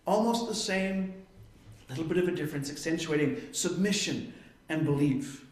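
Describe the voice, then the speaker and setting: A man with a fairly high voice teaches from scripture in an earnest, emphatic sermon. The sound is roomy and echoey. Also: lively intonation, normal speed. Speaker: preacher. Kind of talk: expository Bible teaching.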